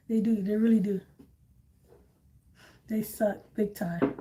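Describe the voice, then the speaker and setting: A woman hosts a relaxed live stream as a tarot reader and chats freely with her viewers. She tells stories at length and laughs easily. Her voice sits a little higher than most women's. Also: a little slow, pauses often, a little hiss or hum. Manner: chatty storytelling, laughs often. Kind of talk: casual live-stream chat.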